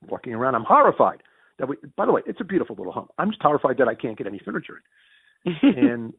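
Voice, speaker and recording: A middle-aged man telling a story casually in an interview, animated and jumping in pitch when excited. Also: fast, creaky, husky, no room sound. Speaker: interview guest. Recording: tinny phone-like sound.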